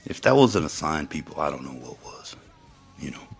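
Brief: gravel-free but husky guy, deep voice, rambling, crude and emphatic. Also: sing-song, normal speed, faint music behind. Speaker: storyteller. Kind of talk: profane casual monologue to viewers.

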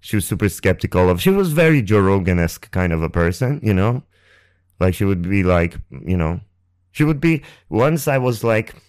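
A man's voice: sits low, darkish tone, clean tone, no echo. A man hosting a podcast, telling a rambling, profane story close to the mic. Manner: rambling and profane, full of fillers. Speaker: podcast host. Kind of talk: casual storytelling. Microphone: close ASMR mic.

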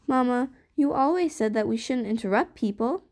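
A scheming young girl presses her point, insistent and complaining, as a woman narrator does her. Her voice sits a little higher and hurries along in the storybook scene. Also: fairly quick, a little mellow, close to an everyday voice.

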